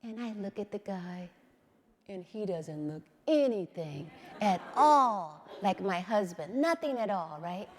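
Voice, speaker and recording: A middle-aged woman giving a public talk, telling a personal story in a measured way and often checking in with "right?". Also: mid-range voice, in a large hall.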